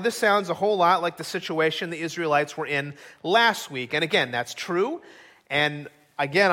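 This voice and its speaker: A man's voice: high voice, sharp tone. A middle-aged man preaching a sermon as pastor, earnest and acting out quoted voices.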